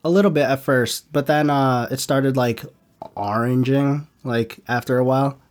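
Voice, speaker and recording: A woman's voice: very deep voice, fairly even intonation, normal speed, darkish tone. A woman speaking as a podcast guest in casual chat, laid-back and swearing now and then.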